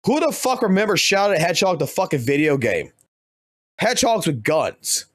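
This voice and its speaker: A man's voice: high voice, very animated, moderate pace, fairly bright tone, no room sound, studio quality. A man who streams games, ranting heatedly and swearing constantly. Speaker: game streamer. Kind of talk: profane gaming rant.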